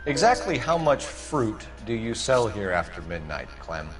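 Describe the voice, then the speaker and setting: A man's voice: fairly low pitch, big pitch swings, unhurried, music in the background, low-quality recording. An actor playing a stern male police detective in a video game, questioning a suspect with pointed, probing questions. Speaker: game character.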